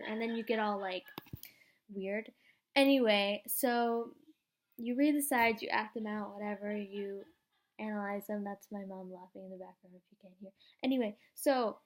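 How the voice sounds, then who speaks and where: A young woman vlogging at home into a camera, hyped up and rambling, with many "like" fillers. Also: mid-range voice. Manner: excitable, rambling, fast-talking with many "like" fillers. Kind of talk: hyped-up casual vlog.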